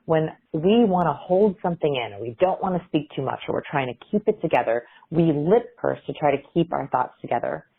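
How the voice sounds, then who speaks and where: With few pauses, a woman speaks in a low, husky, gravelly voice, expressive and brisk. She's a guest researcher in interview clips, explaining communication cues and demonstrating intonation, recorded on a phone-like line.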